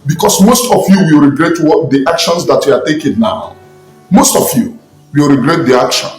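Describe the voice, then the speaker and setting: A man's voice: a little high, animated, moderate pace, darkish tone. A man with a Nigerian accent, a self-styled spiritualist, angrily preaching and scolding his listeners in an impassioned online rant. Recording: echoey room with faint music.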